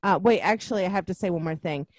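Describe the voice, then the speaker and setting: A woman's voice: on the low side, fast, no echo. A woman in a casual movie chat who talks in an easygoing way and laughs often. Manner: chatty, laughing, says "you know what I mean".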